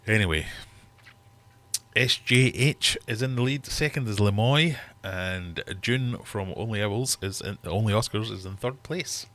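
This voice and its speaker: A man's voice: fairly low pitch, unhurried, a bit bright. A man hosting a live-stream quiz from his fish room, chatty and teasing his viewers. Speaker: livestream host running a quiz. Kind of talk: casual live-stream chat.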